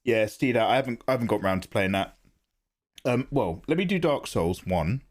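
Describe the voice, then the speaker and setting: Chatty male art streamer, relaxed home-stream talk, animated pitch. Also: normal speed. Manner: chatty, chats with viewers in the chat. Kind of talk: casual chat while drawing on a livestream.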